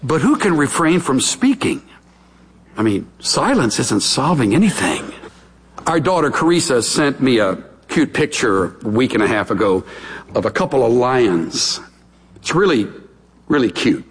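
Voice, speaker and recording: A man's voice: mid-range voice, sing-song, unhurried, slight background noise. A middle-aged man preaching a sermon, a pastor telling stories in a chatty, folksy way. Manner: chatty, storytelling, folksy asides. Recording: long hall reverb.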